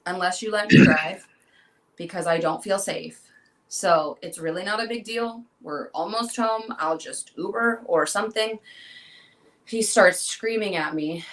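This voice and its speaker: A woman's voice: medium pitch, unhurried, rough recording. A young woman being interviewed, telling a personal story and acting out the dialogue she quotes. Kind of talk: emotional personal account.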